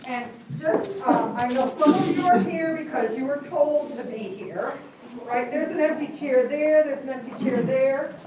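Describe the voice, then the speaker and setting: A woman's voice: high voice, moderate pace, a loud crowd. A woman giving a classroom workshop as guest speaker, upbeat and joking while she gives directions, recorded from a distance in a classroom. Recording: echoey room from far off with hiss.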